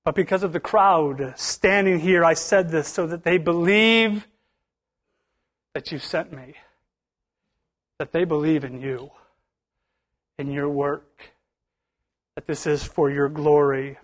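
Fiery, high-voiced preacher, emphatic bursts. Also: male voice, slow pace, long pauses. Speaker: pastor. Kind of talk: sermon. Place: church.

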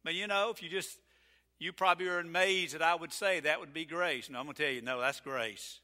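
Male pastor, folksy and emphatic, high bright voice, echoing sanctuary. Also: fairly quick. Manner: folksy, emphatic preaching with sudden loud peaks. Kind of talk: sermon. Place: church sanctuary. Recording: reverberant church sanctuary.

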